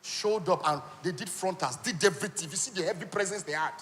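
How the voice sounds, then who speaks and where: A man giving a lively motivational talk at a business conference, now and then acting out other people's voices. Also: fast talker, slight background noise. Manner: animated, acts out high voices for women. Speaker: conference speaker. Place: large conference hall. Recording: reverberant hall.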